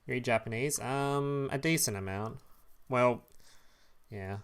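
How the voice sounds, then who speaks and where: This is a young man talking on his own live stream in an easy, unscripted way. He swears freely, chuckles often and stumbles through restarts as he reacts to chat. His voice sits at an ordinary middle pitch. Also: unhurried, clean tone. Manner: loose and profane, trips over words, chuckles often.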